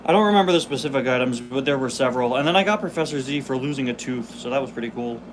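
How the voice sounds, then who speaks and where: A man's voice: mid-range voice, animated, racing, noisy background. A man in his twenties hosting a casual live stream, chatting, laughing and reading the chat aloud while chewing candy. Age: 20s. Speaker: host.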